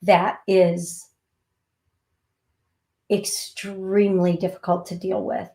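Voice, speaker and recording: Slow-talking Midwestern woman medium. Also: medium pitch, flat delivery, reverberant. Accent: Upper Midwest American. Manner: warm, calls people love, slow and soothing; laughs at herself, gets giggly. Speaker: psychic medium host. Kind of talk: call-in show chat.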